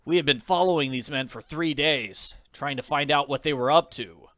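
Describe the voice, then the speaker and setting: A man's voice: on the high side, normal speed, a bit bright, no room sound, lightly acted. A man voicing a stern, determined teenage boy detective who gives commands. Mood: calm.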